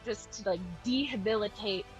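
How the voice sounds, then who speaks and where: A woman's voice: medium pitch, moderate pace, muffled recording, faint music behind. A woman playing a tabletop role-playing game, describing her character's attack with hesitant fillers. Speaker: player.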